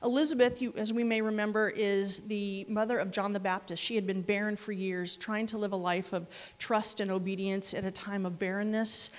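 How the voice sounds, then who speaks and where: A woman preaching a sermon, telling stories with laughs, asides and animated quoted reactions. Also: mid-range voice, moderate pace, hardly any pauses. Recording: long hall reverb.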